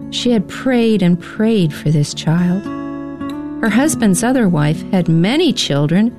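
A woman narrating a story in a gentle, scripted reading style. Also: medium pitch.

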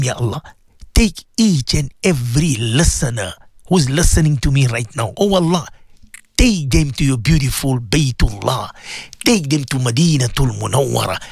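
A man who is a radio host and cleric leads an emotional devotional show, pleading and impassioned, often repeating his words. His voice is on the high side and gravelly, captured as clean studio sound with no room noise.

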